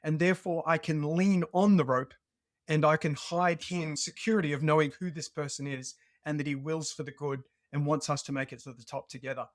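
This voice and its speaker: A man with an Australian accent, a podcast guest telling a personal story in an earnest, animated way. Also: on the high side, brisk, dry recording, studio quality. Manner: earnest and animated, acts out remembered dialogue. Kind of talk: conversational storytelling.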